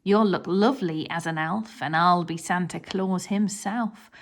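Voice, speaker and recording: A woman voicing a hefty male burglar in a children's storybook, plotting in a low, hushed voice. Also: a little slow. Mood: scheming. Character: hefty grown male burglar, scheming, then cowardly.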